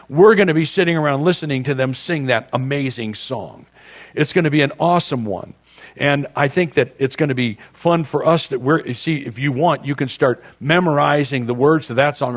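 Joking, conversational male preacher. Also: mid-range voice. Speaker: pastor. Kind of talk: sermon.

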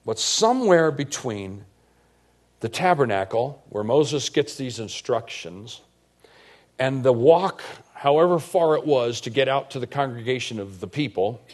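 Conversational male pastor preaching. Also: mid-range voice. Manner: animated, conversational storytelling with rhetorical questions. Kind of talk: sermon.

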